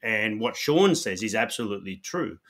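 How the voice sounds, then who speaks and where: A lower-voiced man with a bright, forceful tone hosts a casual interview. He explains his ideas in an assured, steady way. He sounds confident as he lays out his points. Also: normal speed. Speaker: host.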